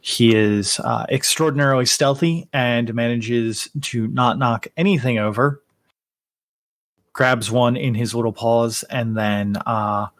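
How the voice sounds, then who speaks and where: A man narrating as game master, unhurried, with frequent fillers and self-corrections. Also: medium pitch, steady tone, no room sound, clean studio sound.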